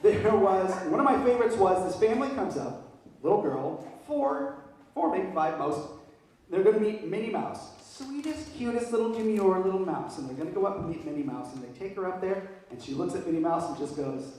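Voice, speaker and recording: Guy doing stand-up, laughs thru his bits, super animated, sounds far off in a big echoey room. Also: sits high, fairly quick, slight background noise. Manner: animated, laughing through his own stories. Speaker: stand-up comedian. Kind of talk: stand-up storytelling.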